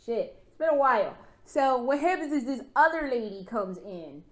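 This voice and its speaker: A woman vlogger in a rambling, profane, animated rant, full of fillers and restarts. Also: high voice, normal speed. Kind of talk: casual rant.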